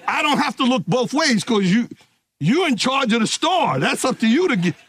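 A man preaching a sermon, emphatic and calling out to his congregation, easing into relaxed stories. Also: very high-pitched, moderate pace, husky. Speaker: pastor.

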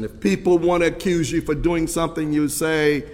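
A high-voiced man preaches a sermon with dramatic emphasis, rising to loud declarations and dropping to quieter asides. His voice carries a long reverb, as if it fills a large hall. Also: steady tone, normal speed, hardly any pauses, soft background music. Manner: emphatic preaching, swinging between loud and soft. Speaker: pastor.

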